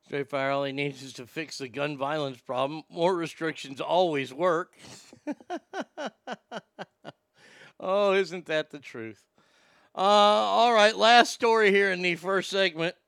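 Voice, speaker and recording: A man's voice: a little high, normal speed, few pauses, fairly bright tone, smooth, no room sound, studio quality. A man hosting a talk show, chatting casually in a blunt, sarcastic and profane way. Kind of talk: casual opinionated chat.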